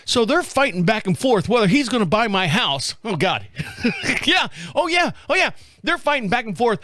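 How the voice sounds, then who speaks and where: Brief: male podcast host, high pitch, dry close sound, animated storyteller who swears freely and laughs a lot. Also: moderate pace, no room sound. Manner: animated, acts out other people's voices, swears freely, laughs often. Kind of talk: casual storytelling.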